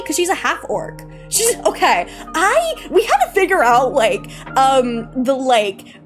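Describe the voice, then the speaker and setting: A young woman streamer chatting casually and playfully, giggling and exclaiming often. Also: high-pitched. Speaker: live streamer. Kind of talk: casual live-stream chat.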